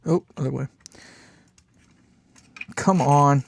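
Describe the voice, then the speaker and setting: A man's voice: on the high side, slow pace, gravelly. A man hosting a live amp build stream, talking casually and muttering and swearing at small parts as he works.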